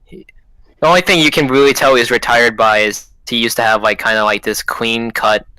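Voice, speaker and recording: A man narrating a tabletop game as game master, his voice bright and forceful. He rambles along in a relaxed way, recorded dry and close on the mic. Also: mid-range voice, fairly quick, clear, resonant tone, no echo, rough recording.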